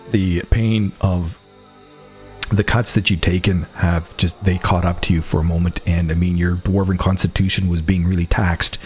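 A man narrating as game master at a tabletop game, in a relaxed, conversational way. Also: low voice.

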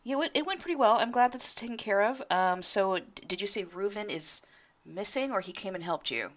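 A woman player in a tabletop game, her lower voice swinging widely in pitch. She sounds wry and animated, and the audio is a little dull. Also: a little fast. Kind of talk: casual tabletop play.

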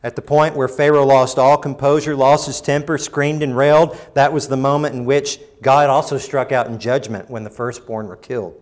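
A man preaching a sermon, rising to emphatic bursts and dropping low and quiet, sometimes acting out quoted lines in mock voices. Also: fairly even intonation, normal speed, hardly any pauses. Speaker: pastor.

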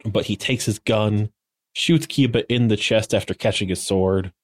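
A man's voice: fairly low pitch, moderate pace, dry recording. A man co-hosting a podcast, retelling episode events in a loose, filler-heavy way. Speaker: podcast co-host. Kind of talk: casual episode recap.

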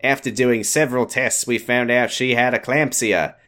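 A man's voice: mid-range voice, fairly even intonation, moderate pace, sharp tone. A man co-hosting a comedy podcast over a voice call, reading a story aloud and breaking into laughter. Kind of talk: comic dramatic reading. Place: home, on a voice call.

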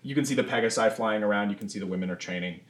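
A man narrating as game master in a tabletop game, relaxed and full of fillers. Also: fairly low pitch, racing.

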